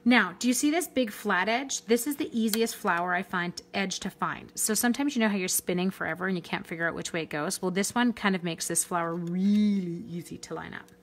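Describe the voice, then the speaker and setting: Woman host from Canada, chatty live craft demo, mid-range pitch. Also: brisk, hardly any pauses. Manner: chatty, upbeat, greets live viewers by name. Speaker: card-making demonstrator.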